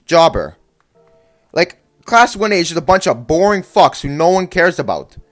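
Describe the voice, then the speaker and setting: Foul-mouthed man ranting about anime, heated and stammering, very animated delivery, with faint background music. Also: fairly high pitch, normal speed. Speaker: anime commentator. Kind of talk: profane ranting commentary.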